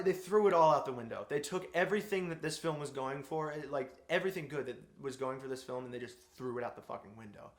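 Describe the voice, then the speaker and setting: A man's voice: mid-range voice, quick pace, hardly any pauses. A man giving an exasperated, profanity-laced film review rant. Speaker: movie reviewer. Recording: echoey room.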